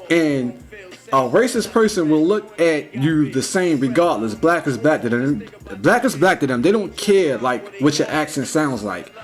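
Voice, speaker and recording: A young man talking in a casual, rambling vlog monologue, full of "like" and "you know", slangy and animated. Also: on the high side. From United States. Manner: rambling, heavy use of "like" and "you know", restarts; slangy, animated when retelling. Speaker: vlogger.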